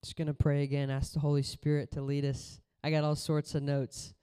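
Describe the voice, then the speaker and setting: High, smooth-voiced male preacher. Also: completely flat delivery, brisk. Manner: casual, conversational preaching with storytelling; voice rises and falls between loud exhortation and quiet storytelling. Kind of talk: sermon.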